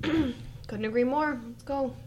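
A woman's voice: sits high, slow, darkish tone. A woman playing a tabletop game in character, often stammering and flustered. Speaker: player.

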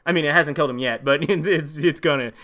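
A man's voice: fairly high pitch, quick pace, pushed and bright. A man hosting a podcast, riffing sarcastically on a movie in a rambling, profane way. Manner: sarcastic, rambling, swears freely. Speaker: podcast host.

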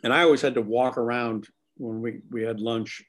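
A man being interviewed, telling animated, profane stories about his acting work with plenty of laughter. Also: mid-range voice, normal speed. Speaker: actor guest. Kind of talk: casual anecdotal storytelling.

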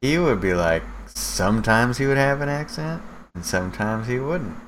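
A man's voice: mid-range voice, expressive, moderate pace, a little hiss or hum, poor audio. A laid-back, blunt man chatting casually and swearing freely. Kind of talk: casual chat.

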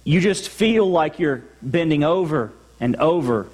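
A man's voice: fairly high pitch, lively intonation, a little slow, darkish tone, husky. A man with a Texan accent, a pastor preaching a sermon in a church sanctuary in a conversational way, acting out his listeners' replies. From Texas. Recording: long hall reverb.

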